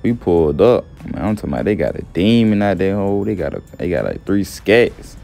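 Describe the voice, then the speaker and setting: Young man, very low voice, laid-back profane storyteller, faint music underneath. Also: sing-song, brisk, vocal fry, mellow. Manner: laid-back, profane, says "you feel me" often. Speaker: gameplay storyteller. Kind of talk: casual slangy story narration.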